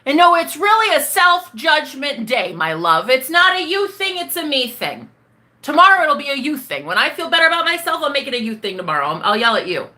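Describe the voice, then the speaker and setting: A woman's voice: high-pitched, big pitch swings, a little fast, pushed and bright. A manifestation coach, a woman, talking to the camera in a blunt, profane rant, scolding herself and calling the viewer honey and baby. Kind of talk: ranting self-talk vlog.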